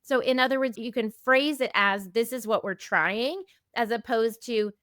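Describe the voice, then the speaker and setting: Gentle woman in her fifties explaining. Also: fairly high pitch, normal speed, no echo, clean studio sound. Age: 50s. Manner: gentle, explanatory, acts out example dialogues. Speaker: eating disorder specialist guest. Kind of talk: casual podcast conversation.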